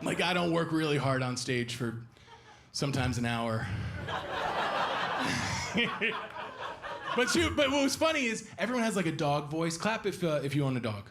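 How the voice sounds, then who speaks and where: A young man performing a stand-up comedy set live on stage, animated and acting out shrill impressions of his girlfriend. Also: moderate pace, long pauses, very noisy. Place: theater stage before a live audience. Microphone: stage microphone. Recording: live stage recording with audience laughter. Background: audience laughter and applause.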